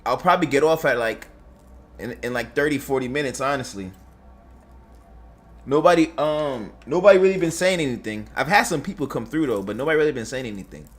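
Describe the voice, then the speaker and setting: A man's voice: medium pitch, lively intonation, a little fast. A man reacting to clips, laughing almost nonstop and talking in slangy, profane casual speech. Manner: laughs constantly, slangy, swears. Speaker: reaction streamer.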